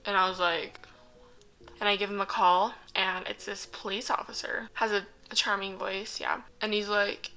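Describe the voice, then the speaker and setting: A woman's voice: medium pitch, level tone, normal speed, vocal fry, pushed and bright, poor audio. A young adult woman vlogger telling a story casually to a phone camera, with joking asides to the viewer.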